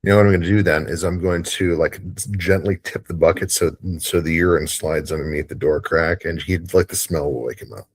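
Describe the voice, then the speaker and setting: A man's voice: deep voice, steady tone, brisk, hardly any pauses, husky, no echo. A man playing in a tabletop game, joking in a playful way. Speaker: player.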